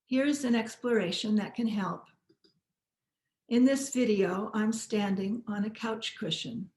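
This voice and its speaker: A woman teaching posture and balance, giving calm, encouraging step-by-step movement cues. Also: mid-range voice, measured pace, roomy sound. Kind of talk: guided movement instruction.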